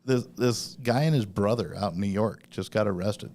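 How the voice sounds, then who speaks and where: A man's voice: lowish voice, normal speed, a little mellow. A man hosting a podcast, telling news stories in a casual, profane way during a live broadcast from a store. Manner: profane storytelling of news items. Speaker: podcast host. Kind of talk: casual chat.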